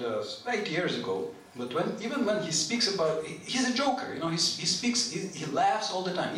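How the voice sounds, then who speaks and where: Male lecturer with a very lively pitch, informal and chatty, quizzing the room; recorded off-mic in a booming hall. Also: recorded from a distance. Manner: animated, chatty, asks the audience questions; clears his throat often. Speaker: lecturer on scripture. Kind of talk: informal scripture lecture to a live group. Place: temple hall. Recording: very echoey hall, voice from off-mic, faint noise.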